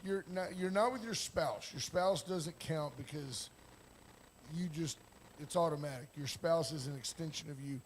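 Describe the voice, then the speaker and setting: A man's voice: on the high side, normal speed, a little hiss or hum. An older man hosting a morning talk show, joking and telling stories with quoted lines. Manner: jokey, storytelling with acted-out quotes. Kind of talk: casual talk-show banter.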